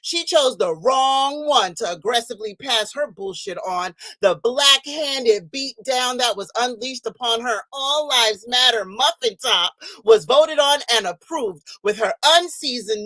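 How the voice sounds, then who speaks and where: A woman's voice: sits high, sharp tone, dry recording. A woman slam poet performing spoken word fiercely and bitingly over a video call. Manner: fierce, biting, profane delivery.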